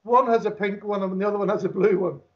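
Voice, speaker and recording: A man's voice: sits high, fairly even intonation, fast, muffled recording. Older Irish man telling yarns. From Ireland. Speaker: podcast guest. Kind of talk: casual storytelling chat.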